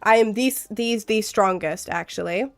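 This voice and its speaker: A woman's voice: mid-range voice, normal speed, faint music behind. A young woman streaming live with a cold, chatting in a rambling, giggly way and reading out chat. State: has a cold.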